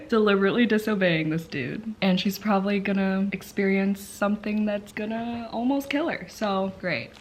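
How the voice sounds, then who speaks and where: Woman book vlogger, chatty and giggly, mid-height voice, faint hiss behind. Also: medium pitch. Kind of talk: casual vlog chat. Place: indoors at a friend's home.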